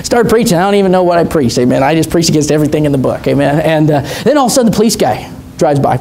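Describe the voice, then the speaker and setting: Male pastor, high voice, fervent storyteller who climbs into shouting, church sermon. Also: animated, very fast, slight background noise. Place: church sanctuary.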